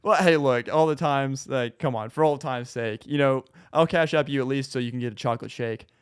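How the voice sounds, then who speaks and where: Smooth-voiced young man chatting easily. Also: medium pitch, fairly quick. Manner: easygoing, chatty, many fillers. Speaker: podcast host. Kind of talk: casual podcast chat.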